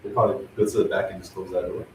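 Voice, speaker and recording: A man's voice: deep voice, flat delivery, very fast, darkish tone. A young man chatting casually at his workplace, telling a story in slangy, profane talk. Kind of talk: casual chat. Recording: echoey, far-off mic, background noise.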